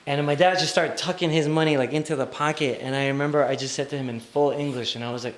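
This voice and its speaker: A man's voice: medium pitch, quick pace, reverberant. A young man from New York City telling a funny personal story on stage to a live audience, acting out the voices of people in it. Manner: comic, animated, acts out quoted voices. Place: small theater with live audience.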